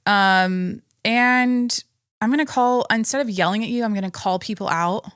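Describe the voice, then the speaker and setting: A young woman talks loosely into a close podcast mic, rambling and chatty with lots of restarts. Her voice sits at a middle pitch and the sound is dry, with no room around it. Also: normal speed, a bit bright, smooth, no echo. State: pregnant. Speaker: podcast host. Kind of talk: casual solo podcast chat.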